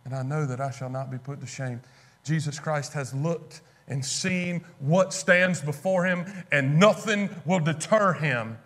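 A man's voice: fairly high pitch, a little slow, a bit bright. A man preaching a sermon in a conversational way, acting out lines of scripture figures as he goes.

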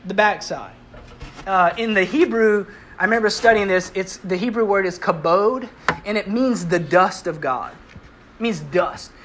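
A pastor delivers a sermon in a church, talking to the congregation as if in conversation. The voice sits at an ordinary middle pitch and keeps putting rhetorical questions to the listeners. Light touches of humor run through the preaching, with a faint hiss of noise under the sound. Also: normal speed.

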